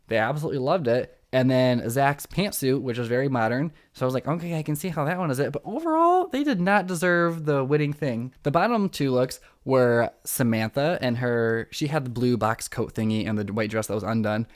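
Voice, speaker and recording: An excitable young man hosts a casual podcast recap of reality TV. He talks fast and throws himself into the drama. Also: mid-range voice. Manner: excitable, dramatic, acts out quotes. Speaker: podcast host.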